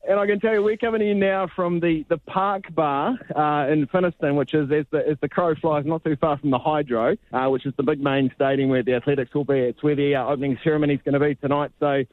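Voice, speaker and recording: A man's voice: a little high, fairly even intonation, fast, hardly any pauses, dry recording, narrow, tinny audio. A man, a sports reporter chatting casually on a radio show, laid-back and full of restarts. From New Zealand. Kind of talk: casual radio phone-in chat.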